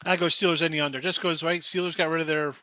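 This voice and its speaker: A man's voice: on the high side, flat delivery, quick pace, pushed and bright, no room sound. A man hosting a casual sports betting show, arguing picks animatedly and reading chat comments aloud.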